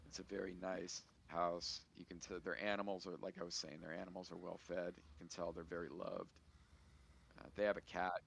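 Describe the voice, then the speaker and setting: A man's voice: sits low, flat delivery, brisk, vocal fry, fairly bright tone, a little hiss or hum. A man narrating a tabletop game as game master in an easygoing way. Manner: easygoing, with restarts.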